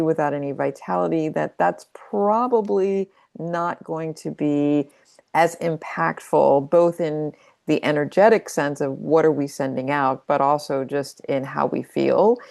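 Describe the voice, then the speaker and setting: A woman's voice: deep voice, vocal fry, darkish tone. A woman who is a creativity coach, talking through her advice in a reflective, conversational way and playing with emphasis. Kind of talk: casual teaching monologue.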